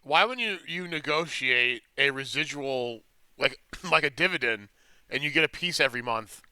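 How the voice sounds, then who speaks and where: A man's voice: mid-range voice, expressive, moderate pace, sharp tone, smooth, no room sound. A man talking in casual chat, incredulous and mocking.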